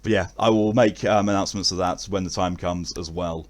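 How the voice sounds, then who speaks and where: A man's voice: sits low, fairly even intonation, a little fast. A man with an English accent chatting casually to his viewers at the end of a stream, rambling with many fillers and restarts. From England.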